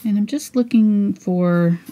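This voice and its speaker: A woman teaching a live painting lesson, her voice hoarse and fading as she talks quietly through each brushstroke. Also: medium pitch, slow pace. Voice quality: husky, gravelly. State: losing her voice. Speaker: painting instructor.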